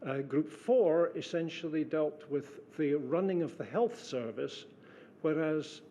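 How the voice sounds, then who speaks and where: Measured older man giving testimony. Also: on the high side, dark tone, slight background noise. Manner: measured, precise, hesitant with fillers. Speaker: witness, former civil servant. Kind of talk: formal inquiry testimony.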